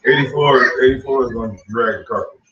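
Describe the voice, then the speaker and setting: A man's voice: mid-range voice, fairly quick, a bit bright, breathy edge, lo-fi sound. A man ranting casually as a streamer, rambling, repeating himself and mocking. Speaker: streamer commenting on a played call. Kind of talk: casual rant.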